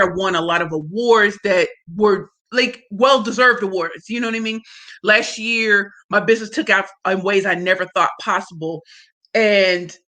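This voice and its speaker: A woman's voice: medium pitch, bright, forceful tone. A woman hosting a livestream, chatting effusively and in slang, greeting viewers by name and reading their comments aloud. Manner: slangy and emphatic. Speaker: livestream host. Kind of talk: casual livestream chat.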